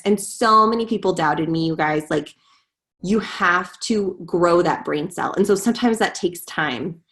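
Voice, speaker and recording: A woman speaks on a video call, pouring out a heartfelt testimonial to the group. She is earnest and a little rambling, with a voice pitched somewhat low. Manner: earnest and rambling, with many fillers like "like". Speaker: guest sharing her story.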